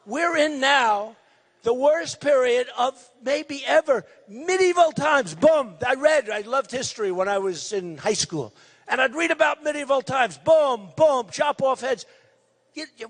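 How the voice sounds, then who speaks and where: Emphatic high-pitched older man at a rally. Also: in a large hall. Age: 60s. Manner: loud, repetitive, emphatic. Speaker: political candidate. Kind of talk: campaign rally speech.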